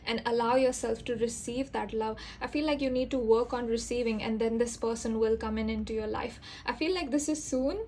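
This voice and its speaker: A woman giving an intuitive tarot reading, speaking gently and earnestly with a reassuring, soft-spoken manner and frequent fillers. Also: a little high, fairly quick, hardly any pauses, a little hiss or hum. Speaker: tarot reader.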